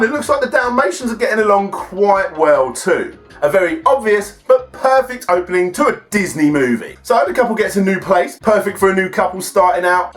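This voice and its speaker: A man's voice: high-pitched, a bit bright. A man hosting a film and game review, chatty and enthusiastic. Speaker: host.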